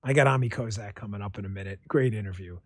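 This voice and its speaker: A man hosting a political commentary podcast, talking in a sarcastic, excitable rant that keeps tipping into laughter. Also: on the low side, fast, dry recording, studio quality. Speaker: podcast host.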